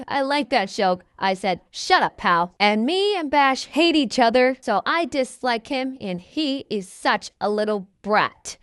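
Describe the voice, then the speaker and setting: A woman with a fairly high voice rambles through a fan story, swearing freely and tangling her grammar. The recording is dry and close, with no room sound around her. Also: animated, a little slow, few pauses, no echo. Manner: rambling, profane, ungrammatical.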